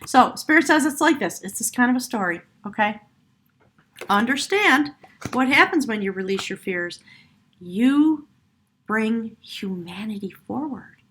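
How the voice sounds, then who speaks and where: A woman's voice: mid-range voice, fairly bright tone, breathy edge. A woman giving an earnest, emotional tarot reading, laughing often and at times choked up, her voice cracking. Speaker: tarot reader.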